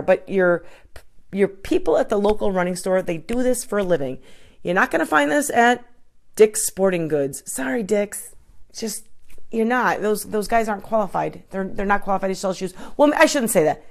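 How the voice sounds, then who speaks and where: A woman's voice: medium pitch, lively intonation, moderate pace. A woman coach giving an informal live-streamed talk, chatty, with many restarts and asides to her viewers. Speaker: triathlon coach.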